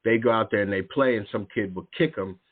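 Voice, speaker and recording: A man's voice: lowish voice, quick pace, breathy edge. A man hosting a casual spiritual talk radio show, rambling with restarts and acting out the voices in his stories. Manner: animated storytelling, acting out quoted voices. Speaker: radio show host and youth coach. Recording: narrow phone-like line.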